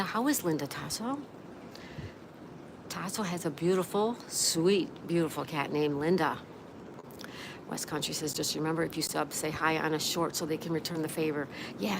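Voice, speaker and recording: Gravelly low-voiced woman reading chat. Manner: reads viewer comments aloud and answers them. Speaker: livestream host. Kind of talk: casual livestream chat. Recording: clear background noise.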